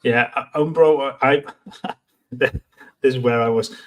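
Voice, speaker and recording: A man co-hosts a relaxed football fan stream at a middle pitch. He is easygoing and laughs as he talks. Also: slow pace, highs cut off. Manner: easygoing, laughs while talking. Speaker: co-host. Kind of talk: casual football chat.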